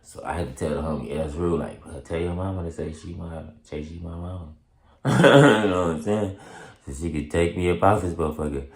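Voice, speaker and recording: A man telling a story in casual street slang, laughing often and acting out quotes in high excited voices. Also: brisk, echoey room. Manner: heavy street slang and profanity. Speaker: storyteller vlogger.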